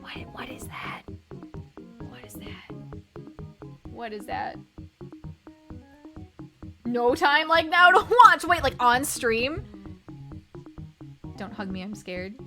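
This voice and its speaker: A young woman streamer chatting casually and reading chat aloud, bubbly, with lots of quick repeated yeahs. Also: high voice. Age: young adult. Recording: stream with music playing behind.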